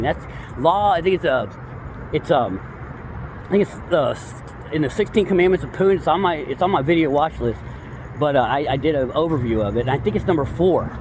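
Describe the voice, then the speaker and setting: High-voiced, slangy, excitable man. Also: normal speed, background noise. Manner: slangy, excitable, digressive, full of "dude" and "bro". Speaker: true-crime commentator. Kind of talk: casual rambling commentary.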